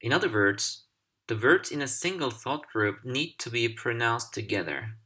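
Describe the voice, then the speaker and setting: A man whose first language is Turkish, teaching a recorded English pronunciation lesson in a deliberate, clearly articulated manner. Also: medium pitch, expressive, sharp tone. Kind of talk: instructional video lesson.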